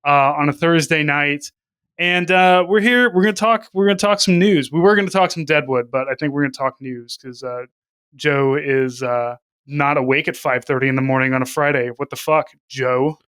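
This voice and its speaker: A man's voice: a little high, normal speed, a bit bright, smooth, no room sound, studio quality. A man co-hosting a casual podcast chat, rambling and jokey with plenty of swearing. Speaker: podcast co-host.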